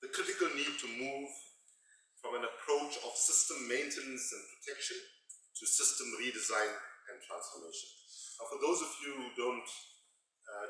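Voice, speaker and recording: A man's voice: mid-range voice, bright, forceful tone, distant mic, slight background noise. A South African man in his fifties giving a humorous, self-deprecating keynote speech at a conference. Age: 50s. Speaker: keynote speaker. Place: large lecture hall. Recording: echoey hall, mic from afar.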